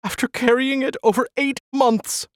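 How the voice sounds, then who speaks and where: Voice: medium pitch, slow, a little mellow, dry recording, studio quality, pitched above the performer's own voice. A narrator voicing a distraught pregnant woman in her thirties, pleading and sobbing on the edge of hysteria. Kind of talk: audiobook character voice.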